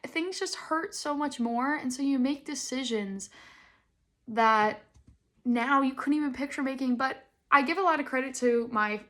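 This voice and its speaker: Bright-voiced young woman rambling on a podcast. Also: normal speed. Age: 20s. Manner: rambling, self-deprecating, laughs often with sudden loud high bursts. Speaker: podcast host. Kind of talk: casual solo podcast chat.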